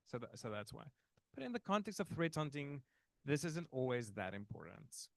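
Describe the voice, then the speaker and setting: A man's voice: fairly high pitch, very animated, a little fast, gravelly, a bit bright, no room sound. Casual, chatty male workshop instructor. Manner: casual and chatty, with filler words and self-interrupting restarts. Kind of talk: live technical workshop talk. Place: conference workshop room.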